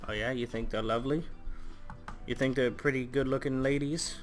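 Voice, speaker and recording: Male gamer narrating a visual novel aloud, casual and irreverent, mid-range voice, soft game music behind. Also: medium pitch, steady tone, normal speed. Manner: reads story text aloud, breaks off into crude jokes. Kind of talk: casual let's play narration with jokey asides.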